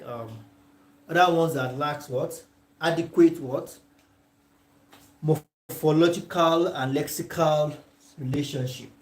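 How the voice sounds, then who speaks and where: A male tutor with a Nigerian English accent giving a classroom lecture. He dictates slowly, repeats examples word by word and keeps asking "all right?". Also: fairly high pitch, darkish tone. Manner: slow and dictating, checks in with "all right?" after nearly every phrase; repeats example sentences word by word for note-taking. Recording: echoey room.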